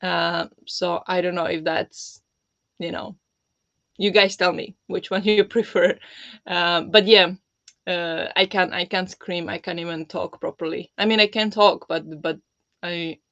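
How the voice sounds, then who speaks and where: A livestream host chatting casually with viewers, speaking softly and holding the voice low because of a sore, swollen throat. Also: steady tone, a little slow, dry recording, muffled recording. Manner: talking softly with a held-back, lowered voice. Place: home.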